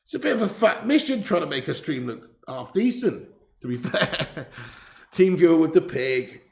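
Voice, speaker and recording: Brief: male livestream host, gravelly voice sitting a bit high, jokey banter with chat, roomy echo. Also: sing-song, normal speed, a little mellow. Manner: jokey, laughing, swearing banter. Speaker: livestream host of a football watch-along. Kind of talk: casual livestream chat reading viewer messages. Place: temporary setup on a trip in Spain.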